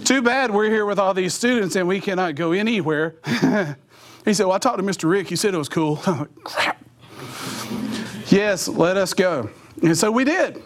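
At a brisk clip, a middle-aged man with a fairly high voice addresses teenagers in a youth sermon. His storytelling is animated, full of voiced sound effects and impressions of his friends.

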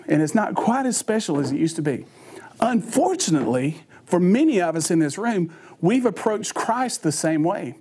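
Brief: male preacher, sermon with homespun stories, high-pitched voice. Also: darkish tone, a little hiss or hum. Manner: folksy storytelling, conversational.

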